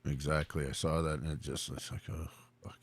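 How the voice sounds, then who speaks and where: A man's voice: very deep voice, level tone, a little fast, background noise. A man hosting a livestream in casual chat, greeting viewers one by one with friendly banter. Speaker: livestream host.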